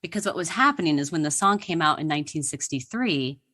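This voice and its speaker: A woman's voice: low voice, lively intonation, quick pace, pushed and bright. A woman guest on a podcast, telling history anecdotes in a chatty, giggly way. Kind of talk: casual interview chat.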